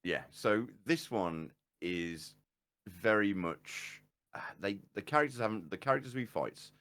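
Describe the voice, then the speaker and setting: Low-voiced enthusiastic man. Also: expressive, a little slow, a bit bright. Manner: enthusiastic, sweary, calls his co-host "mate". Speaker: podcast co-host. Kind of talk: casual chat.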